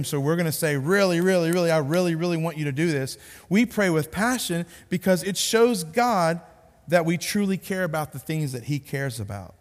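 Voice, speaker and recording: A man preaching a sermon as a pastor, earnest and repeating words for emphasis, sometimes dropping low and quiet to stress a point. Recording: long reverb of a large hall.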